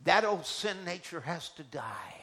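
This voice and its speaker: A man preacher delivering an emphatic, deliberate sermon in a church. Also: fairly high pitch, big pitch swings, slight background noise. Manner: emphatic, slow and deliberate, swinging between soft and loud.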